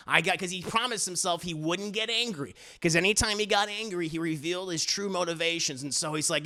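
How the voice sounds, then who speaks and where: A young man recapping a TV episode in a casual, animated, profane way, stammering often. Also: high-pitched, a little fast, few pauses. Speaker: TV reviewer.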